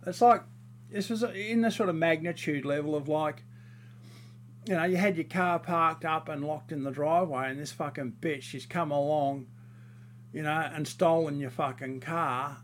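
A man's voice: on the high side, fairly bright tone, slight background noise. Man ranting heatedly, raised voice. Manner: rambling with many fillers and restarts. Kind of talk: casual monologue to camera.

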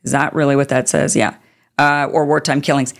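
A woman's voice: rumbling low, steady tone, brisk, vocal fry. A woman hosting political commentary, talking in an indignant, sarcastic way. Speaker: commentary host.

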